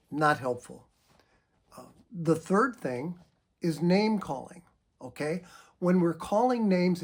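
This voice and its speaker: A middle-aged man, a psychotherapist, giving a measured educational talk, often clearing his throat. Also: on the high side, a little mellow.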